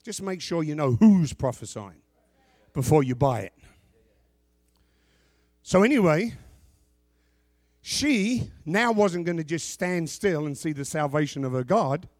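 A middle-aged male pastor preaching a sermon. He reads scripture loudly and drops into quiet asides. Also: unhurried, long pauses, no room sound, studio quality. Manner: animated preaching, swings from shouted scripture to low asides.

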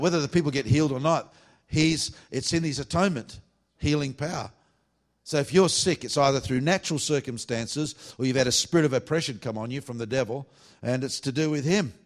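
Man, evangelist sermon, storytelling, blunt, emphatic. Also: mid-range voice. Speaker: evangelist preacher.

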